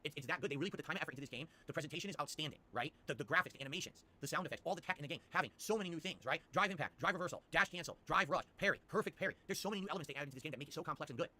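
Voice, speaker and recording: A man hosting a casual livestream, reading out shout-outs and chat, rambling and swearing as he goes. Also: a little high, rapid-fire, hardly any pauses. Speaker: streamer host.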